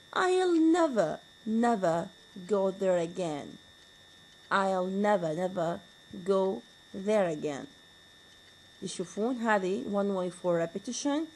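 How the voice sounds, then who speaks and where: In a rough recording with a little background noise, a medium-pitched woman lectures on grammar at a university. A native Arabic speaker, she moves between Arabic and English and asks rhetorical questions.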